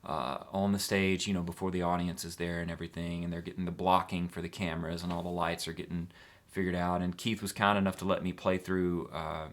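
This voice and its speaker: Easygoing low-voiced man answering fan questions. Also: little pitch movement, a little fast. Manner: easygoing, rambling with frequent filler sounds. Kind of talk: casual fan Q&A chat.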